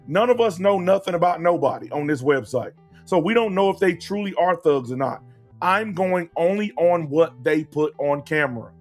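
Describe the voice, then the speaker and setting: A fairly high-voiced man argues bluntly on a casual podcast. He swears freely and drags his words out to hammer each point home. Music plays faintly underneath. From American South. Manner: blunt and emphatic, profane, slows down to stress points. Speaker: host.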